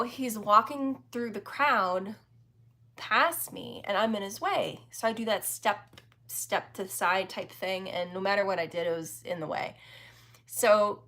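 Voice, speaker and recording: A woman's voice: on the high side, fairly bright tone. A woman in her forties hosting a livestream, telling a story in a chatty way, laughing often and talking with plenty of fillers. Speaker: livestream host.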